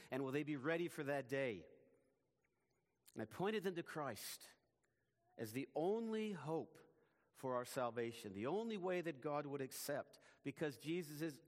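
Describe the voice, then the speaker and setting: A man preaching a sermon as pastor, in a measured, emphatic way, his phrases often falling away at the ends. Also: mid-range voice, long reverb tail.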